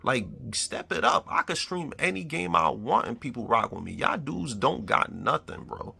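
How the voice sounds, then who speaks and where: A man's voice: medium pitch, very animated, moderate pace, gravelly, bright, forceful tone, breathy edge. A man with a Bronx New York accent, a streamer ranting at his critics in a confrontational, trash-talking way. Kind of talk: angry rant to the camera.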